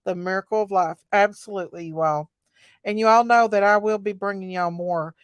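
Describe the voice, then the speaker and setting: A woman's voice: medium pitch, moderate pace, dry recording, studio quality. A middle-aged woman, hosting a casual livestream chat, greeting viewers by name in a folksy way. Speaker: livestream host.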